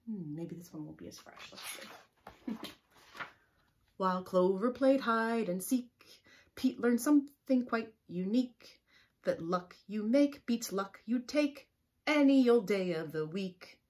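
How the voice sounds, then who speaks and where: A woman librarian leading a children's story time gently, often dropping to a whisper. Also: medium pitch, expressive. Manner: gentle, often drops to a whisper, drawn-out words.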